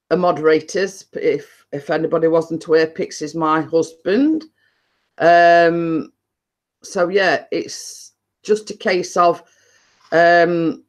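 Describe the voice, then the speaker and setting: Middle-aged woman, livestream host, chatty, rambling, many ums and repeats. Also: low voice. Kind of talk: casual chat to a live audience.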